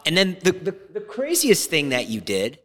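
Male podcast host, forties, animated self-deprecating storyteller, reverberant room. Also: a little high, normal speed. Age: 40s. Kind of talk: casual chat. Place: podcast studio.

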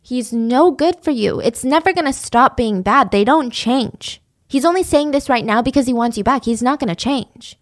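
A woman's voice: high-pitched, normal speed, lightly acted. A woman voicing a fiery, loyal young best friend who speaks emphatically. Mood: firm. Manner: emphatic, outraged.

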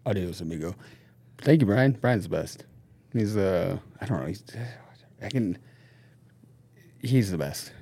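A man from Norway and the United States, a podcast guest telling stories in casual chat, animated, laughing often and swearing freely. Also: deep voice, unhurried, creaky, long pauses, slightly rough.

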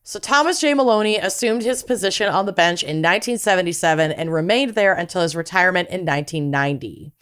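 A woman co-hosting a podcast, telling a story in a casual, profane, animated way with plenty of laughter. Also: fairly low pitch, quick pace, hardly any pauses, clean tone. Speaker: podcast co-host.

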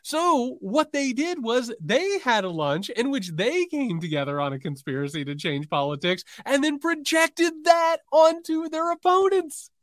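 Sarcastic male political podcast co-host, fairly high, animated delivery. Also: moderate pace, few pauses, dry recording, studio quality. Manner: sarcastic, reads quotes aloud with mocking emphasis.

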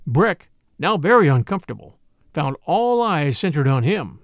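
A man narrating an audiobook in an expressive storytelling way. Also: on the high side, moderate pace, no echo.

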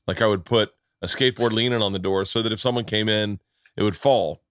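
Stammering middle-aged podcast host, dry sound. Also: male voice, fairly low pitch, brisk, no room sound. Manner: stammering restarts, laughing, animated storytelling. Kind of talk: casual podcast chat.

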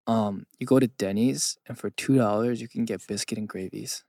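A man's voice: fairly low pitch, fairly even intonation, moderate pace, vocal fry, warm tone, no room sound, studio quality. A young man from California co-hosting a podcast, chatting casually with playful, joking banter. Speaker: podcast co-host. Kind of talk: casual chat.

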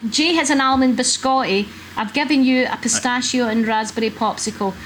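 A middle-aged Scottish woman with a Glaswegian accent, a comedian telling brisk, swearing anecdotes over lunch. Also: fairly high pitch, fairly bright tone, soft background music. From Scotland. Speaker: comedian guest. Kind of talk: casual storytelling chat.

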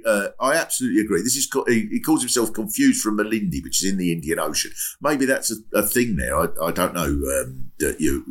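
A man's voice: fairly low pitch, fairly bright tone. An older man hosting a comedy podcast, riffing chattily and mocking himself, slipping into silly voices for quotes. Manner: chatty, self-mocking, breaks into laughter; puts on comic voices for quotes. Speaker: podcast host. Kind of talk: comic monologue.

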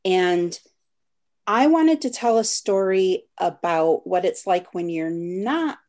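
A woman talks about her work as a guest on a video call, at a slow and unhurried pace. Her voice sits low and her manner is earnest and thoughtful. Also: expressive, a little mellow. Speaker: author interviewed as a guest. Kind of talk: casual interview over video call.

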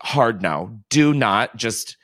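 A man hosting a podcast in casual chat, animated and profane, often laughing at himself. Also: mid-range voice, takes it slowly, no room sound, clean studio sound. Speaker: podcast host.

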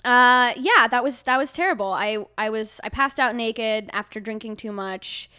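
A woman guest on a podcast, telling a story in casual chat, animated and laughing often, with casual swearing. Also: a little high, moderate pace, clean tone.

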